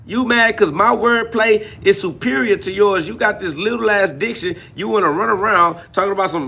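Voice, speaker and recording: Gravelly man preaching a mocking rant. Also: high-pitched, a little fast, hardly any pauses, pushed and bright. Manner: preachy, mocking, heavy slang. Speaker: podcast host. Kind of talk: ranting live self-talk podcast monologue.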